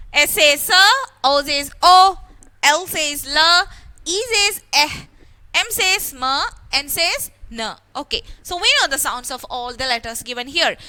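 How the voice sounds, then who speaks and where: A woman teacher giving an online lesson, spelling out letters slowly and repeating words with stress. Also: high voice, pushed and bright. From India.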